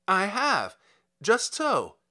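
A man voicing an excitable, flustered official who cries out in alarm and relief. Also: high voice, drawn-out words, voice pushed up, exaggerated voice. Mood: excited. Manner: excited, exclaiming.

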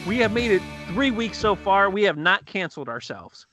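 A man co-hosting a casual chat podcast, a comedian telling anecdotes with animated asides. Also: high voice, moderate pace, over music. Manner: storytelling, animated impressions in anecdotes.

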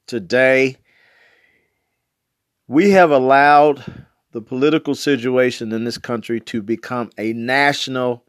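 A man's voice: medium pitch, dry recording, clean studio sound. Emphatic man in his sixties ranting. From West Baltimore, USA. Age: 60s. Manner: emphatic, repetitive, slangy. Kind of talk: political commentary monologue.

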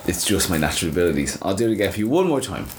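A man's voice: low-pitched, very animated, racing, a little hiss or hum. A man co-hosting a podcast in casual, joking chat, playfully mock-grandiose. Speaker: podcast co-host.

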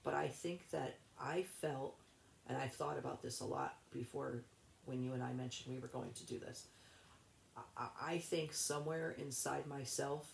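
Interview guest: woman, gravelly low voice, rambling and halting, echoey room. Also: fairly even intonation, a little hiss or hum. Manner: rambling, halting, with many restarts. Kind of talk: personal storytelling in an interview.

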